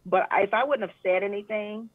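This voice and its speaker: A woman's voice: mid-range voice, brisk, no echo. Earnest woman guest on a phone line. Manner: earnest, animated when retelling, many fillers. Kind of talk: casual interview chat. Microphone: phone call.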